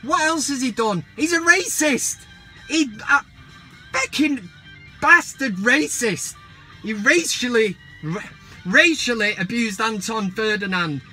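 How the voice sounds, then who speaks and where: A man's voice: extremely high pitch, lively intonation, takes it slowly, sharp tone, faint music behind. A man hosting a football vlog, ranting heatedly and mockingly with plenty of swearing.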